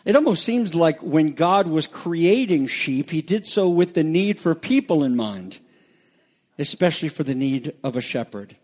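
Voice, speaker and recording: A man's voice: on the high side, lively intonation, moderate pace, darkish tone. A man preaching a sermon as pastor, reading scripture and explaining it earnestly.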